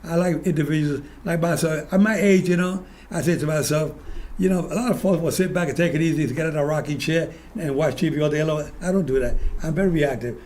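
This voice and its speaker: A man's voice: on the high side, fast, a little mellow, slight background noise. An older man hosting a talk show, chatting casually with his guest and telling long anecdotes, often repeating his words as he goes. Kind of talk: casual interview chat with anecdotes.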